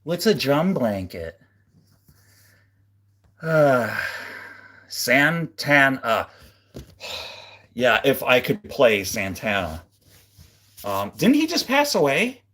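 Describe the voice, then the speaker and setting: A laid-back man rambles through a casual livestream chat, chuckling as he goes. His pitch moves around a lot, and he takes his time with words. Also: fairly bright tone. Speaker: livestream host and guitarist. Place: home streaming setup, seated.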